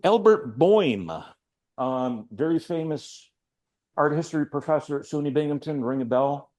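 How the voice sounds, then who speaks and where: A man's voice: fairly high pitch, moderate pace, darkish tone. An older man, an artist, giving an informal, rambling talk to a gallery audience about his work, with chatty, self-deprecating asides. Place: art gallery.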